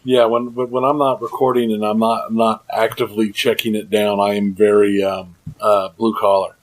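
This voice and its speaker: A man's voice: fairly low pitch, level tone, moderate pace, low-quality recording. A man co-hosting a podcast, easygoing and casual, often restarting his sentences. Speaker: podcast co-host.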